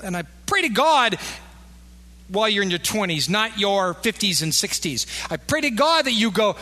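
Conversational pastor in a reverberant hall. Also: male voice, high voice, very animated, normal speed, bright, forceful tone. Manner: conversational, acts out imagined inner voices. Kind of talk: sermon.

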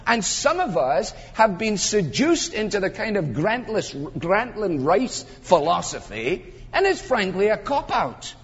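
Emphatic older preacher in a reverberant hall. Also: male voice, high voice, unhurried, hardly any pauses. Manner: emphatic, builds to animated climaxes, wry humor. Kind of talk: expository sermon. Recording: muffled sound with long hall reverb.

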